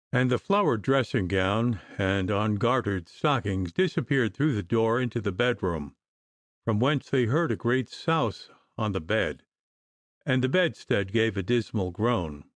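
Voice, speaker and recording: A male audiobook narrator reading a period novel with expressive storytelling. His delivery rises and falls a great deal, and the recording is dry and close, with no room sound. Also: fairly low pitch, measured pace, no echo. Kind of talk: scripted narration.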